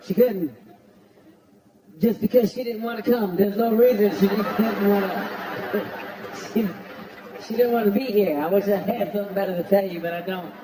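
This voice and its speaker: A man doing a stand-up roast, brash and profane, shouting his punchlines. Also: high voice, moderate pace, pauses often. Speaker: comedian at a roast. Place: stage before a live audience. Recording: roomy venue with crowd laughter.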